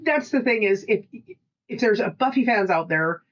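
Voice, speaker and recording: Her medium-pitched voice comes at a moderate pace through dull audio. As a podcast co-host in casual chat, she's an animated storyteller who swears freely and acts out what people said.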